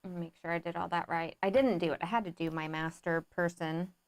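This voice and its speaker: A woman co-hosts a live board game playthrough, giggling, thinking aloud about her moves and apologizing for mistakes in casual chat. Her voice is fairly low, fairly even in intonation, and a little fast.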